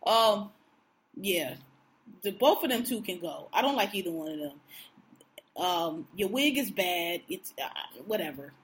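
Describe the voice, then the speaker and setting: A woman co-hosting a podcast in casual chat, with a blunt, profane, animated way of ranting. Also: on the low side, measured pace. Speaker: podcast co-host.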